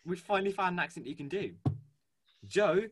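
A man co-hosting a casual fan chat, animated and gushing, with lots of fillers and restarts. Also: sits high, fairly quick, a little hiss or hum. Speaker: podcast co-host. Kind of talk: casual fan chat about a cartoon series.

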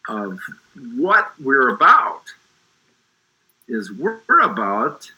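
Middle-aged guy, husky bright voice, swoops up and down a lot, preachy and emphatic. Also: mid-range voice, sing-song, very slow, lo-fi sound. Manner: emphatic, preacherly, restarts often. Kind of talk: faith discussion.

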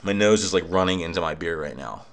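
Low-voiced man ranting profanely. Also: animated, fast. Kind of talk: casual rant. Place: apartment. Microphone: cheap microphone.

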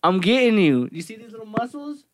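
A man's voice: high voice, big pitch swings, fairly quick, dry recording, clean studio sound. A man co-hosting a podcast in casual chat, joking, swearing and laughing often. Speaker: podcast co-host.

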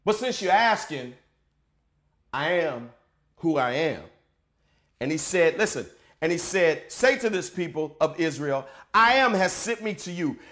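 A male pastor preaching a sermon in a casual, colloquial way, moving from quiet to shouted declarations. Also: high-pitched, animated, moderate pace.

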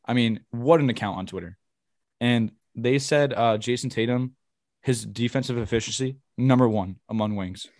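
A young man co-hosting a sports podcast, chatting casually and telling profane, excitable stories. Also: mid-range voice, normal speed, no echo, clean studio sound. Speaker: podcast co-host.

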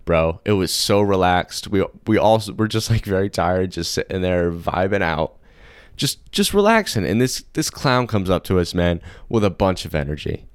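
A man's voice: sits low, clear, resonant tone, no room sound, studio quality. A young man hosting a podcast, chatting casually and rambling with lots of slang and fillers. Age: young adult. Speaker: podcast host. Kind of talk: casual solo podcast chat.

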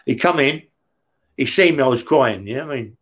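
This West London man, an ex-prisoner being interviewed, speaks in a medium-pitched, fairly bright voice that's animated and fairly quick. He recounts his story casually in a London accent, cursing a lot and tossing in "yeah?" to check in.

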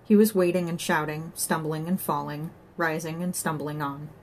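A woman reads an audiobook aloud in scripted narration, telling the story in a measured, wry way. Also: deep voice, fairly even intonation, a little mellow, slight background noise.

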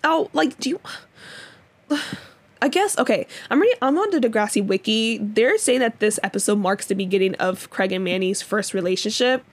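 A young woman co-hosts a podcast in relaxed, casual conversation. She rambles with plenty of fillers and laughs easily, her pitch sitting in a middle range. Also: normal speed. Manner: chatty, lots of fillers and laughs. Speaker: podcast co-host. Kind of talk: casual chat.

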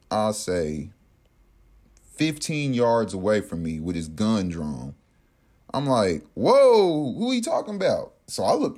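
A man casually telling a personal story in an animated, profane way, acting out what others said. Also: on the high side. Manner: animated, profane, acts out quotes.

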